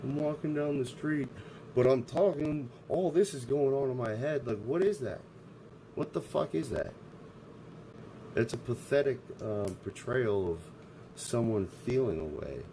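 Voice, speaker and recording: Man, livestream rant, profane, abrasive, dark mellow timbre, faint background hum. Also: mid-range voice, lively intonation, a little slow, poor audio. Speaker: streamer.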